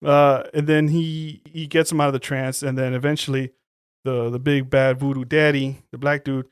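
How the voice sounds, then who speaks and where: A man's voice: mid-range voice, moderate pace, clean tone, no echo, clean studio sound. A man co-hosting a podcast in casual chat, swearing a lot and acting out lines as he retells scenes. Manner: profane, animated storytelling, acts out quotes. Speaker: podcast co-host.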